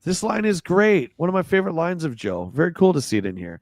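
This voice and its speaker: Jokey man with a lively voice. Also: fairly high pitch, fast, few pauses, no room sound. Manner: jokey, reads articles aloud with sarcastic asides. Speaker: podcast co-host. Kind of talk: casual livestream chat reading a magazine.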